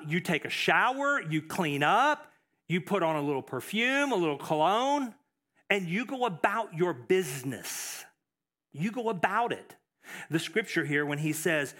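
A man's voice: a little high, fairly bright tone. A man preaching a sermon as pastor, emphatic, repeating phrases, with fillers and restarts.

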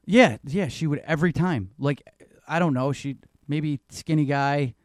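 A man's voice: a little high, measured pace, no room sound, clean studio sound. A man telling loose, rambling stories in casual chat, swearing now and then.

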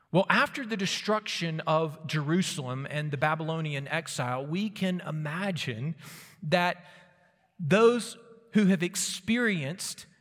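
A man's voice: on the high side, fairly bright tone. Man preaching in a reverberant hall. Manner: earnest, emphatic preaching with quoted scripture. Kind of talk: expository sermon. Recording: long reverb of a large hall.

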